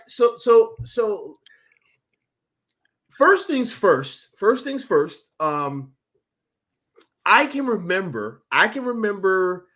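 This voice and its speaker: A man co-hosting a casual sports chat, loud and hyped, swearing and repeating himself. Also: high-pitched. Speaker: podcast co-host.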